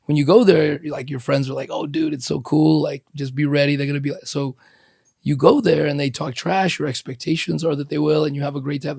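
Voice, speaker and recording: A man's voice: a little high, steady tone, a little fast, vocal fry, darkish tone, breathy edge, dry recording, clean studio sound. A man hosting a podcast in casual conversation, telling stories with animation, acting out quoted lines and swearing freely. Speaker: podcast host.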